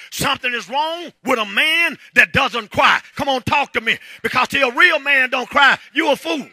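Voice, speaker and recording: A pastor with a Southern American accent preaching a sermon in church, calling on the congregation to answer and breaking into shouts and half-sung lines. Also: male voice, very high-pitched, normal speed, hardly any pauses, husky, dry recording, faint music behind. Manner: preaching with call-and-response, shouting and half-singing. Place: church sanctuary.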